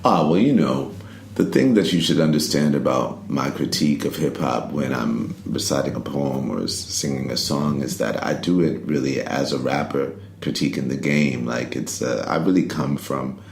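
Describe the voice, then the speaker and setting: A middle-aged man with an extremely deep, gravelly voice tells stories in a relaxed, rambling way, full of "you know" and "like." His voice sits in a roomy space with a faint hum of ambience behind it. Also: normal speed. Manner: laid-back, rambling, lots of "you know" and "like". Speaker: interview guest, poet and rapper. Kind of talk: casual interview storytelling.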